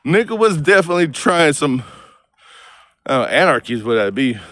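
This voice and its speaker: A man's voice: on the high side, very animated, normal speed, a bit bright, no echo. A man on a street, rambling in a profane, stream-of-consciousness monologue that jumps from topic to topic. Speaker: vlogger. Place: outdoors on a street.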